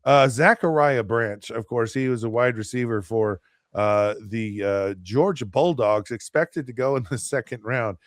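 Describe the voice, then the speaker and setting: A man's voice: medium pitch, a little slow, no room sound, studio quality. A middle-aged man hosting a casual sports talk show, rambling and sarcastic, with lots of fillers and restarts. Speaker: host.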